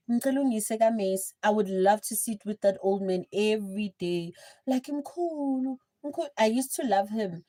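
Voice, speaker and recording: A young woman with a South African accent, telling a story in a chatty, animated livestream style. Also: medium pitch. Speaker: livestream host. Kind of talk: casual storytelling.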